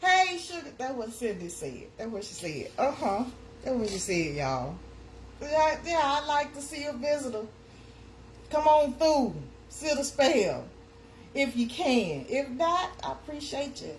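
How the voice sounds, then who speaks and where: A woman hosts a casual live stream in a high, sing-song voice. She chats loosely and reads viewers' comments aloud. A faint hiss of noise sits behind her. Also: big pitch swings, measured pace. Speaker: livestream host.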